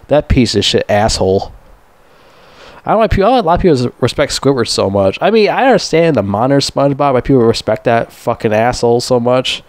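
A man's voice: mid-range voice, expressive, fairly quick, no echo. A young man ranting casually and profanely as a movie reviewer, rambling and mocking. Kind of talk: casual rant.

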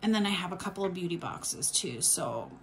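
A woman's voice: fairly low pitch, sing-song, fairly quick, slight background noise. Chatty woman rambling through an unboxing. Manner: rambling, chatty, many fillers and restarts. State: has the hiccups. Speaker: unboxing vlogger. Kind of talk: casual unboxing chat.

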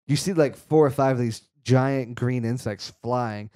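A man's voice: mid-range voice, unhurried, dark tone, clear, resonant tone. A man co-hosting a casual movie podcast, retelling film scenes in a rambling way with lots of fillers. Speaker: podcast co-host. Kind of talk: casual movie recap chat.

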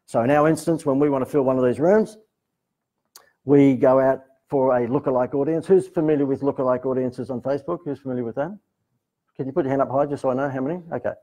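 Presenting a live seminar to a room, an Australian man tells jokey, sarcastic stories in a mellow, medium-pitched voice. The recording is rough.

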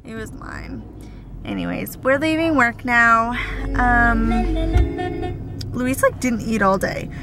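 A woman's voice: a little high, big pitch swings, takes it slowly, long pauses, music in the background. A young woman in her twenties chatting casually in a daily vlog, giggly and teasing. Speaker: vlogger. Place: home and car, indoors.

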